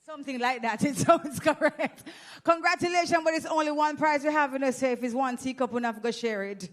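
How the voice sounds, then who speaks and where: Jamaican woman MC, high voice, teasing crowd-work host on a handheld mic. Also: fairly quick. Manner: playful, teasing, exclamatory. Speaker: event host. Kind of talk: lively audience giveaway hosting. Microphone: handheld microphone.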